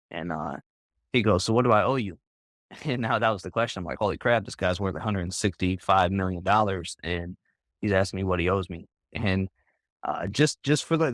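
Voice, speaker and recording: A man with a fairly low voice tells a long story as a guest on a group voice call. He rambles casually, fills his sentences with "like" and "bro", and keeps restarting them. The sound is dry, with almost no room echo. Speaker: interview guest.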